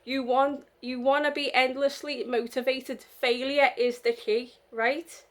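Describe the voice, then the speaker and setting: A young woman from the UK talks straight to the camera in a casual vlog. Her voice sits high, and she rambles, getting emotional and indignant as she goes. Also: level tone, unhurried. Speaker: vlogger.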